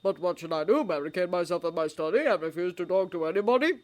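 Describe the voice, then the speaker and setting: A woman voicing an old male headmaster wizard who speaks in a pleasant, measured, dryly humorous way. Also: lowish voice, darkish tone, close to an everyday voice. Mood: wry.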